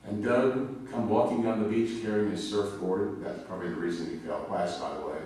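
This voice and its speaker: A man's voice: sits low, fairly even intonation, fairly quick, a little mellow. A male pastor preaching a sermon in a conversational, storytelling way, sharing personal anecdotes. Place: church sanctuary. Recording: very echoey hall, mic far off, faint noise.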